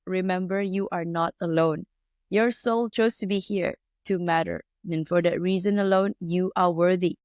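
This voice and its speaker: A woman's voice: medium pitch, darkish tone, smooth, no room sound, clean studio sound. A woman hosting a podcast, wrapping up an interview with effusive praise and an inspirational sign-off. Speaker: podcast host.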